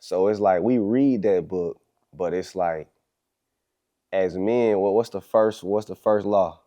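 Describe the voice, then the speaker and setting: Deep voiced guy hosting a podcast, mellow, blunt and slangy. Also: slow pace. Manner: affirming, blunt, slang-heavy. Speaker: podcast host. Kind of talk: casual podcast chat.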